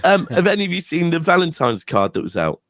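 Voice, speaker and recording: A man's voice: a little high, sing-song, fast talker, a bit bright, no room sound. A man on a football panel, chatty and telling stories full of acted-out dialogue. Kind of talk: casual football chat.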